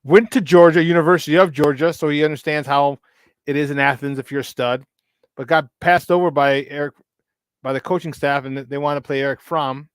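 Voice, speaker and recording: A slightly high-voiced man holding forth as a sports talk host. He rambles in a casual monologue, hammering his points by saying them twice. The sound is dry and close. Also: fairly even intonation, a little fast, clean tone, no room sound. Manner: repetitive, emphatic, preachy asides.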